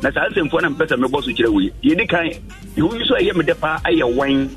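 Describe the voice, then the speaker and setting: A Ghanaian man calling in to a radio show, explaining fast in a mumbled way. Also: fairly high pitch, lively intonation, a bit bright, faint music behind. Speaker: radio caller.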